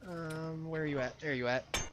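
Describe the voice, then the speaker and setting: A man's voice: on the high side, steady tone, normal speed, fairly bright tone, slight background noise. A man giving casual, playful commentary while playing a video game, chatty and rambling. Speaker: let's play gamer.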